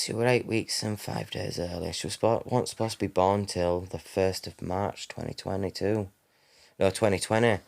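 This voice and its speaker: Guy, 30s, lowish voice, rambling story, keeps correcting himself. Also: vocal fry. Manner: rambling, self-correcting, acts out quoted dialogue. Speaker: guest. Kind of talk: personal storytelling.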